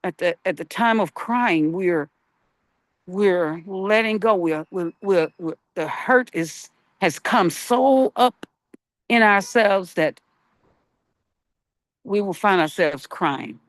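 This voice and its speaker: Host, slow-paced, dry close sound, halting, searching unscripted spiritual talk. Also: medium pitch, lively intonation, fairly bright tone, dry recording. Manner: halting, searching for words, rhetorical questions. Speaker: broadcast host.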